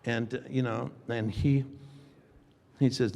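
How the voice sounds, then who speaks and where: An older man telling an animated anecdote on a convention panel, acting out dialogue and laughing often. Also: mid-range voice, measured pace, creaky. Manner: acts out dialogue with shifting voices, laughs often. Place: large convention hall. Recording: long hall reverb.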